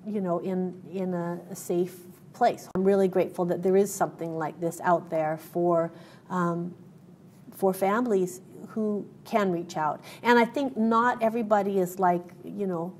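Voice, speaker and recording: A woman's voice: lowish voice, fairly even intonation, unhurried, darkish tone, a little hiss or hum. A woman guest in an interview, telling a personal story in an earnest way, with many fillers and restarts.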